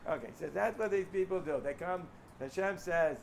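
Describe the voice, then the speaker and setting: Man, high voice, casual Torah lecture, animated, rhetorical questions, faint background hiss. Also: moderate pace, gravelly, few pauses. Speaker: Torah teacher.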